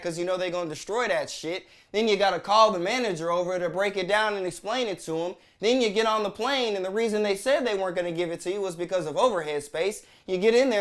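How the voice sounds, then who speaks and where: A man's voice: high-pitched, a bit bright. A man delivering blunt, sarcastic commentary as a vlogger, swearing heavily as he rants. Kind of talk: profane ranting commentary.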